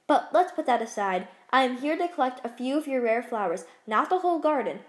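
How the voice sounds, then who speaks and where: A woman's voice: high voice, animated, a little fast. A woman voicing an eager young hen, the heroine of a storybook. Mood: indignant.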